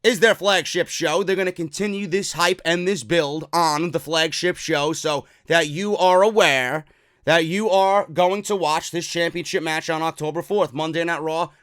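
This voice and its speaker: A man hosting a wrestling talk show, ranting in an excitable, profane, rambling way. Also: on the high side, normal speed, dry recording. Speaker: wrestling podcast host. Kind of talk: casual opinion rant.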